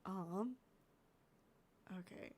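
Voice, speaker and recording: A woman's voice: mid-range voice, drawn-out words, a little mellow. A congested woman streamer chatting casually and thinking aloud while editing videos, easily distracted.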